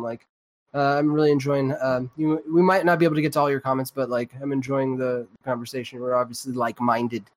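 A man's voice: medium pitch, no room sound. A man hosting a live podcast in casual chat, rambling with lots of fillers and restarts and swearing freely. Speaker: podcast host.

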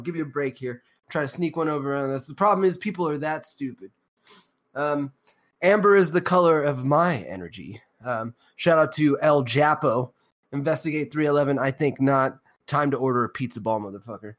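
A man's voice: a little high, animated, a little fast. A man co-hosting a podcast in casual, profane chat, rambling with many fillers and a sarcastic edge. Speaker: podcast co-host.

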